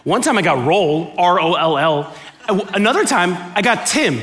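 High-voiced joking man speaking to an audience. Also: moderate pace. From United States (Miami). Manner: animated, joking, chatty. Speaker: speaker giving a talk. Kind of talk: humorous storytelling talk to a live audience. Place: room with a live, clapping audience.

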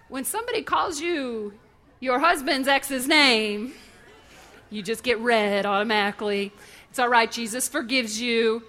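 A woman preaching an animated, impassioned sermon that leans on storytelling. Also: on the high side, unhurried.

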